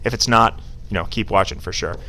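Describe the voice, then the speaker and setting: A man's voice: lowish voice, fairly quick, gravelly, sharp tone. A man teaching a casual classroom screencast lesson, chatty and informal, prompting students to call out answers. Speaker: Spanish teacher.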